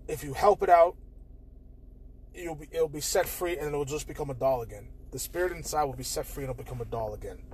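A young man hosting a casual solo podcast, talking candidly and with plenty of swearing, swinging between loud bursts and quiet mutters. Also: medium pitch, slight background noise. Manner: candid, profane, shifts between loud outbursts and quiet mumbling. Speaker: podcast host.

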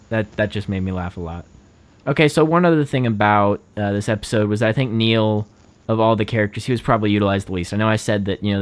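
A young man with a fairly low voice chats loosely on a podcast, piling up fillers and breaking into laughs. He rambles from one thought to the next in an easy, unscripted way. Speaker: podcast co-host. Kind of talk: casual chat.

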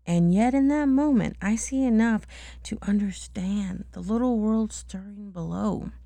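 A mother reading a bedtime story aloud to her child, gently and unhurried, with chatty asides. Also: mid-range voice, vocal fry, dry recording.

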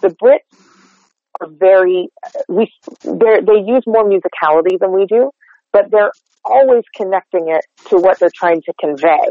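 An American man working as a dialect coach, explaining his technique in an animated, chatty way and acting out example lines. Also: sits high, moderate pace, no echo, dull audio. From United States. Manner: animated, explanatory, demonstrates lines aloud, many fillers like "like". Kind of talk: interview guest explaining technique.

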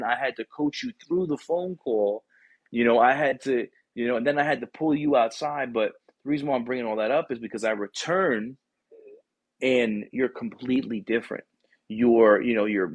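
A man's voice: medium pitch, no room sound. A man who hosts a casual chat, a former Marine recruiter telling rambling, profane stories to his guest.

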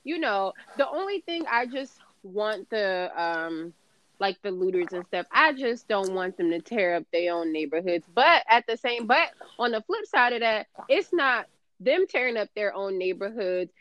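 A woman with a New Jersey accent speaking at a middle pitch on a casual podcast. She keeps agreeing with her co-host and then lays out her own points bluntly. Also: big pitch swings, normal speed, fairly bright tone, highs cut off. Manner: affirming, frequent "right, right" backchannels, blunt.

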